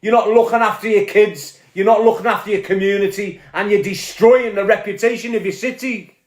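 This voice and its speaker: A man's voice: high voice, steady tone, brisk, reverberant. A man with a Scouse accent from Liverpool, delivering an angry, profane, confrontational rant to camera. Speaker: online commentator.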